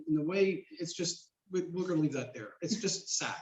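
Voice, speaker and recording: A man telling a heartfelt story about his partner as a guest on a talk show, earnest and choked up, with halting restarts. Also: a little high, darkish tone. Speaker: podcast guest. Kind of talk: emotional personal story. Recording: echoey, dull lo-fi sound.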